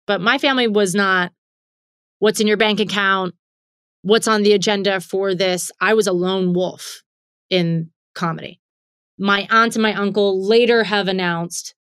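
Female comedian, thirties, from Pittsburgh; candid, animated interview talk, dry sound. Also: medium pitch, no room sound. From Pittsburgh, Pennsylvania. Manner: animated, lists things in quick repeating runs. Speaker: comedian guest.

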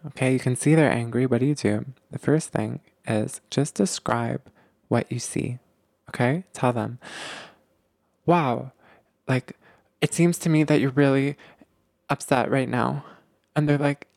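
Gravelly man coaching on relationships. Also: medium pitch, darkish tone, no echo. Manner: acts out short dialogues with a lifted voice, many fillers. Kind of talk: teaching relationship skills.

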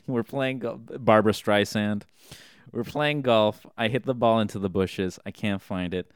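A man's voice: lowish voice, a little slow, clear, resonant tone, no echo, clean studio sound. A man telling a long, rambling comic anecdote, often restarting and correcting himself. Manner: rambling, self-correcting storyteller.

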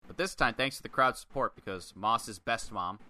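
A man with a strikingly bright, forceful voice, chatting casually on a podcast about a wrestling match. His pitch sits a little low. He's animated, swears freely and jumps into quick impressions. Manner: animated, swears, acts out quotes. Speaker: podcast co-host. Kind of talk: casual wrestling review chat.

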